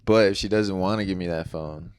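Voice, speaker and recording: A man's voice: low voice, fairly quick, smooth, no room sound, clean studio sound. A man co-hosting a podcast in casual chat, telling laid-back stories and swearing freely. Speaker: podcast co-host.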